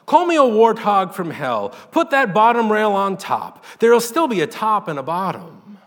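A man's voice: a little high, very animated, moderate pace, a bit bright. A man voicing a proud, churchgoing farm woman who talks in fierce, indignant outbursts. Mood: roaring. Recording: long reverb.

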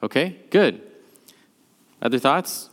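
A man's voice: mid-range voice, expressive, takes it slowly, a bit bright. Guy leading a church bible class, loose chatty teaching, lots of echo in the room. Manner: conversational, thinking aloud with restarts. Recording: long hall reverb.

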